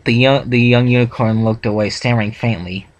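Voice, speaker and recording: A man's voice: mid-range voice, fairly even intonation, a little fast, highs cut off, a little hiss or hum. A man reading a fanfic aloud for a reaction video, stumbling over words and laughing often.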